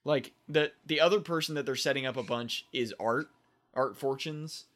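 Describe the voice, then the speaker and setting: A man co-hosting a casual podcast, talking at an even middle pitch. He rambles and restarts his sentences often, circling back with fillers as he recaps an episode with friends. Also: normal speed. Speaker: podcast co-host. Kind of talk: casual chat.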